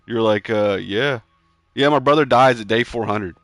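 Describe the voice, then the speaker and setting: A man's voice: medium pitch, a little fast, no room sound, soft background music. A young man streaming a game, chatting casually with friends, ranting with heavy swearing and lots of "bro" and "dude.". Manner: jumps to loud excited yelps in tense moments. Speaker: gamer streaming his play. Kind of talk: casual gaming chat with friends.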